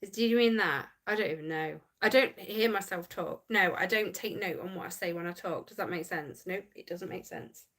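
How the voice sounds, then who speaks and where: A woman's voice: on the low side, normal speed, few pauses, a bit bright. A woman hosting a casual livestream, chatting and giggling as she reads viewer comments aloud. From United Kingdom. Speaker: livestream host reading chat.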